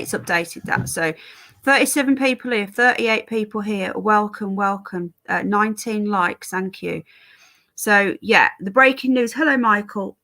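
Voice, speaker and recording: A woman's voice: medium pitch, bright, forceful tone. Chatty English woman live-streaming. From England. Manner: chatty, greeting viewers by name; talks while fiddling with settings. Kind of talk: casual live-stream chat.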